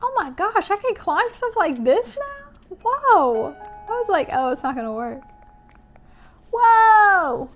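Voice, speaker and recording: A woman reacting excitedly and casually while playing a game for the first time. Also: very high voice, measured pace, soft background music. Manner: excitable, exclaiming.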